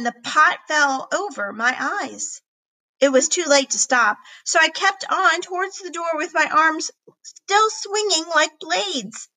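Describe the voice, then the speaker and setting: A woman reading a children's chapter book aloud in an expressive storybook narration. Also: sits high, slow pace, poor audio. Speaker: reader.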